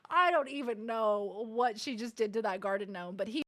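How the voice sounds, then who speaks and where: A woman streaming a video game, reacting to it in excitable, profane casual chat. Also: a little high, moderate pace. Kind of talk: casual live-stream chat while gaming.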